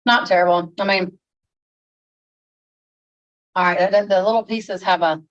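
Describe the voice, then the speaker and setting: A woman's voice: fairly low pitch, fairly even intonation, unhurried, no echo, muffled recording. Chatty woman podcast host. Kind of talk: casual chat, taste-testing.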